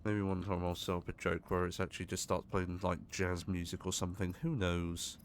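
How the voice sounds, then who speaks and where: A man's voice: low voice, flat delivery, fairly quick, a little hiss or hum. A man giving casual gameplay commentary, chatty and jokey, swearing when startled. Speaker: gaming streamer.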